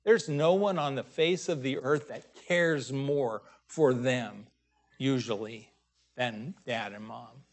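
Slow, deliberate male preacher. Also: medium pitch. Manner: unhurried, pausing often, stressing scripture loudly. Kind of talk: sermon.

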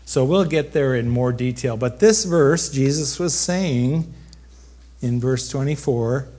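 A man preaching a sermon, talking to the congregation in an unhurried, conversational way and joking now and then. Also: mid-range voice, mellow. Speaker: pastor. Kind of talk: sermon with a live demonstration.

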